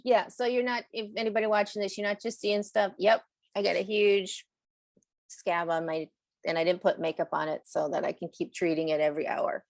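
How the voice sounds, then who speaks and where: This is a woman talking in a loose, rambling chat, often breaking into laughter. Her voice sits at an ordinary pitch, and the sound is dry and close with no room behind it. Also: steady tone, fairly quick, darkish tone, dry recording. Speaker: animal communicator. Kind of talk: casual chat on a podcast.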